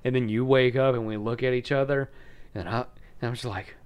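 Animated young man spinning rowdy stories. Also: mid-range voice, a little fast, slight background noise. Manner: rambling storyteller, laughs a lot, swears freely. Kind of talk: casual chat.

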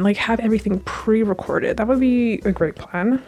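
Speaking into a home mic, a young woman hosts a podcast recapping a TV series, chatty and rambling with gushing asides and plenty of fillers. Her voice is a little high and darkish, at a moderate pace.

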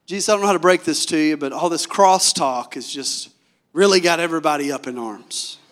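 Bossy confiding man, as a preacher acts him out, pushy, fairly high voice. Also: a little fast, fairly bright tone, close to an everyday voice. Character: earnest Peter coaching Jesus, bossy man.

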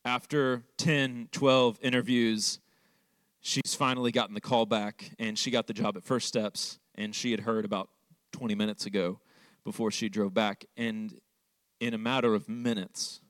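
A man's voice: lowish voice, fairly even intonation, normal speed, a bit bright, no room sound. A young man preaching a sermon, telling a personal story in a loose, conversational way, full of "like". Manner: conversational, fillers like "like". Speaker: pastor.

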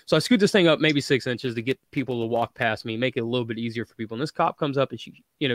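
A man telling a story in casual podcast chat, animated, acting out the people he quotes and swearing freely. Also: medium pitch, fast, few pauses, dry recording, clean studio sound. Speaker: podcast co-host.

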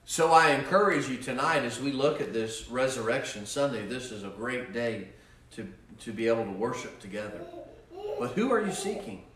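A male pastor preaching a sermon in a repetitive cadence that swells with fervor and then softens into prayer. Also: mid-range voice, lively intonation, normal speed, slight background noise. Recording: roomy echo, mic at a distance.

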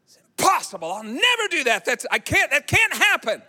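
A man's voice: very high voice, very animated, fairly quick, bright, forceful tone, voice pushed up, exaggerated voice. A man voicing an impetuous, boastful male disciple who protests insistently. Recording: echoey hall.

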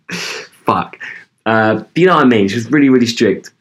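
A man's voice: medium pitch, animated, measured pace, husky, lo-fi sound. A young man co-hosting a podcast in loose casual chat, rambling with lots of ums and swearing. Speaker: podcast co-host.

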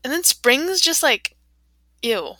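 Bright-voiced teenage girl chatting. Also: high-pitched, lively intonation, takes it slowly, no echo. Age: teens. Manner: chatty, lots of "like", laughs often. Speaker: podcast co-host. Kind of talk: casual chat.

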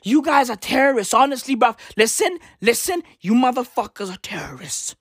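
A woman delivering a comedic rant to camera, loud and profane, with shouted bursts and slang asides. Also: on the high side, sing-song, moderate pace, breathy edge, no echo, clean studio sound. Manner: heavy use of slang asides. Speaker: commentator.

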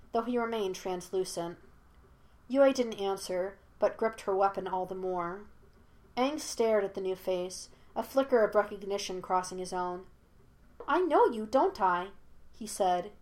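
A woman narrating a fan story in an even, steady storytelling voice. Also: medium pitch. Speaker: audiobook reader.

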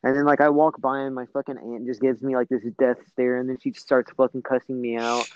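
A man's voice: medium pitch, fairly even intonation, fairly quick, a little mellow, no room sound, lo-fi sound. A young man telling a long story in casual chat, rambling with lots of fillers and swearing.

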